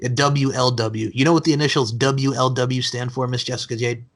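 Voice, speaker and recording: A man's voice: medium pitch, fairly even intonation, brisk. A man hosting a podcast interview, effusive and full of compliments for his guest. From United States. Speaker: podcast host. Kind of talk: casual interview chat.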